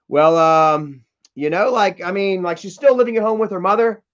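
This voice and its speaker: A man's voice: high voice, normal speed. A man hosting a livestream, ranting bluntly and with profanity while reading chat comments aloud. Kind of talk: candid casual livestream rant. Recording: dull lo-fi stream audio.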